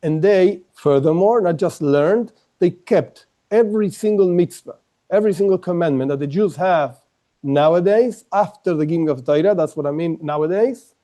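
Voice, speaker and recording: A man gives a class in a high, soft, mellow voice. He explains patiently, circling back and rephrasing as he builds his point. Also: normal speed. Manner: explains step by step with frequent restarts and rephrasings. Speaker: teacher. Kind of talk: online class lecture.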